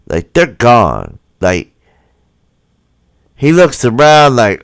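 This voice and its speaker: A man comments on video footage during a livestream, taking his time and swinging his fairly high voice up and down. He swears freely and keeps pressing viewers with rhetorical questions. The sound is dry and close. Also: big pitch swings, measured pace, no room sound. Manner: acts out the people in the footage in quoted voices. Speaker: livestream host.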